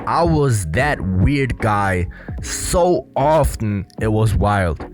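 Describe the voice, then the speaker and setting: A man's voice: on the low side, animated, very slow, darkish tone, faint music behind. A young man giving casual commentary as a body language coach, earnest, with many fillers. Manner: earnest, repetitive, filler-heavy explaining.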